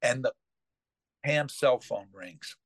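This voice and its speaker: A man's voice: medium pitch, slow, dry recording. A middle-aged man hosting a podcast, telling a family story casually, rambling with fillers and restarts. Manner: rambling, full of fillers and restarts, animated retelling. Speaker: podcast host.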